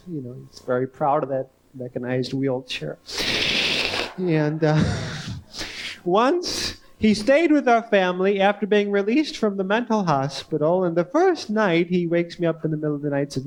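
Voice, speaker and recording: A man with a high, reedy voice doing stand-up in a comedy club, speaking into a handheld stage mic. He drawls in odd, halting pauses and then jumps into sudden squeaky peaks. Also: lively intonation. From northern United States.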